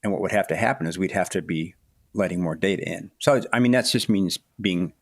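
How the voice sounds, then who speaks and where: A man in his sixties, a guest author in a podcast interview, speaking reflectively with halting restarts. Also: low voice, dry recording, clean studio sound. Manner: thoughtful, halting, many restarts and "you know"s.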